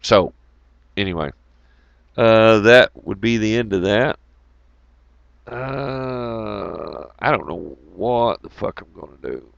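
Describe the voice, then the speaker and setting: A man's voice: lowish voice, expressive, slow pace, creaky, pauses often, no room sound, dull audio. A man telling rambling oil-field stories in a casual, profane way, often laughing.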